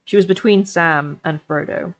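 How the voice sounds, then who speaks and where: A woman reads a novel aloud on a live stream with an expressive delivery. Her voice sits somewhat low, and she slows down and draws out the dramatic passages. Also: dry recording, poor audio. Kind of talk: live-streamed book reading.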